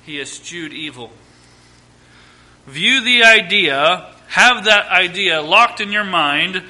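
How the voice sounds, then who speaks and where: A man in his thirties preaches a sermon with a high, very bright voice. He hammers home lists and repeated phrases, then falls to quiet asides. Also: lively intonation, unhurried. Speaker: pastor.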